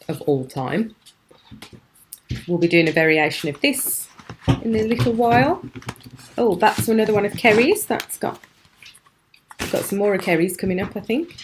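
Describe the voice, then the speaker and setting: A woman's voice: medium pitch, slight background noise. A British woman hosting a live craft show from home, chatting admiringly and laughing often. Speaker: craft channel host.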